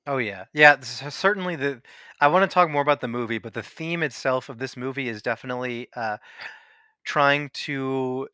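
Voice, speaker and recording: A man hosts a casual talk show with a bright, forceful voice. He retells scenes animatedly, breaking into laughs. The sound is close and dry. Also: mid-range voice, normal speed, dry recording. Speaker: podcast host. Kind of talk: casual film discussion.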